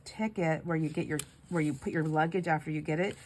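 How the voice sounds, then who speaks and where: Chatty woman crafting, low voice. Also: fairly even intonation, brisk, darkish tone. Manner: chatty rambling storytelling with crafting asides. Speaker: craft vlogger. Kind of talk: casual chat while crafting.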